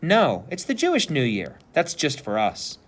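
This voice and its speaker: A man voicing a friendly, practical young girl in a read-aloud story, gently persuasive. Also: mid-range voice, huge pitch swings, moderate pace. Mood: kind.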